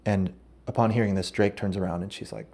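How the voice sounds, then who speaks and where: A man's voice: low-pitched, fairly even intonation, fast, a little mellow. A man hosting a podcast, telling a rambling, absurd comic story and often breaking off to correct himself. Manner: rambling, absurd, self-interrupting. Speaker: podcast host. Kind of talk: comedic storytelling monologue.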